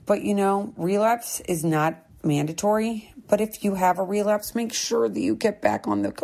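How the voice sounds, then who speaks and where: A woman's voice: medium pitch, lively intonation, normal speed, vocal fry, darkish tone. A middle-aged woman hosting a sobriety talk, speaking in a candid, earnest and encouraging way that repeats its points. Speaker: sobriety podcast host. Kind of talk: candid personal monologue.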